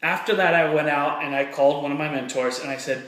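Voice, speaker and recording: Fired-up man with a high voice. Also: fast, few pauses, a bit bright, reverberant. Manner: earnest, fired-up, repeats phrases for emphasis. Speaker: motivational speaker. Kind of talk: personal story and motivational talk to camera.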